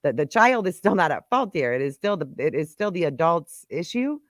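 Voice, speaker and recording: A woman's voice: lowish voice, big pitch swings, a little fast, no room sound, studio quality. Brash joking woman podcast host. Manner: brash, joking, rambling with many fillers. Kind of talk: casual podcast chat.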